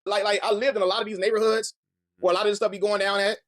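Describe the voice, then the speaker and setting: Guy ranting fast on his commentary stream, earnest, dry close sound. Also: sits high, flat delivery, fairly bright tone, no room sound. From Chicago. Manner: heated, earnest, repeats words as he builds a point. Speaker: commentary channel host. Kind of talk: reaction commentary.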